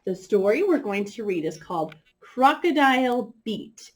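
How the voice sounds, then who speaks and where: A woman's voice: on the high side, big pitch swings, measured pace. A woman teaching a kindergarten music lesson, leading children through animal sounds for a story.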